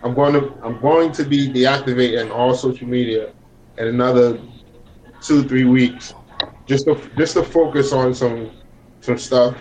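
A male guest speaking earnestly in a casual chat. He tends to ramble and pokes fun at himself. His voice sits at a medium pitch. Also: fairly even intonation, unhurried, darkish tone, low-quality recording. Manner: earnest, rambling, self-deprecating.

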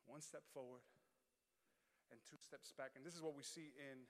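A man preaching a sermon as pastor, animated, dropping low and quiet then building to loud shouts. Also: normal speed. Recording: long hall reverb.

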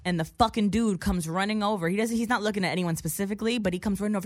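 A young woman casually telling a story in a profane, animated way, acting out other people's lines as she goes. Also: medium pitch, fast talker, few pauses, dry recording, studio quality.

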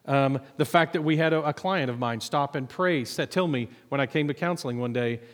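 A man who is a minister and psychologist, telling personal stories in a relaxed, self-deprecating way, with many ums. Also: mid-range voice, brisk, hardly any pauses. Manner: conversational, self-deprecating storytelling with many fillers. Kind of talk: sermon testimony. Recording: echoey hall reverb.

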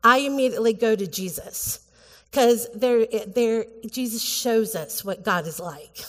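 Woman pastor, higher voice, earnest and halting delivery, church hall reverb. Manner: earnest, halting, with many restarts and fillers. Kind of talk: sermon. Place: church sanctuary.

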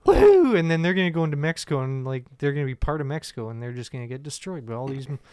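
A man's voice: mid-range voice, steady tone, racing, smooth, no room sound, clean studio sound. A man co-hosting a casual comedy podcast, rambling and profane, often laughing through his own stories. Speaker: podcast co-host.

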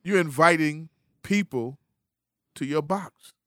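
A man's voice: a little high, slow pace, fairly bright tone, no echo, studio quality. A man co-hosting casual banter, playfully arguing and lecturing his point. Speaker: co-host.

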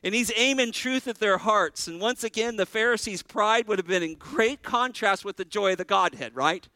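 A man's voice: high-pitched, normal speed, sharp tone, no room sound, poor audio. A male pastor preaching a sermon, earnestly putting questions to his congregation.

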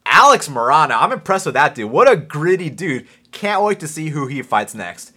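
A man's voice: a little high, big pitch swings, normal speed, bright, forceful tone, slightly rough. A young adult man hosting a podcast, talking casually and animatedly about fights, with lots of fillers and swearing. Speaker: podcast host. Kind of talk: casual sports talk.

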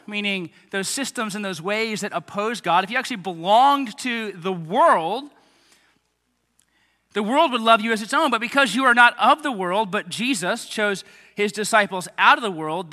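A man in his thirties, a pastor giving a lively sermon to children and families, with chatty asides to kids and parents. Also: high-pitched, normal speed. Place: church hall. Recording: echoey hall reverb.

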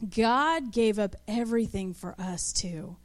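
A woman's voice: medium pitch, expressive, a little slow. A woman in her thirties preaching a sermon in a conversational way, acting out little scenes of mothers and children. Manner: conversational, acts out kids and mothers in asides.

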